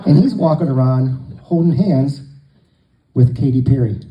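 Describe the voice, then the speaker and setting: A man's voice: medium pitch, normal speed, highs cut off. A man telling long jokes to a live crowd, a folksy storyteller who acts out the dialogue.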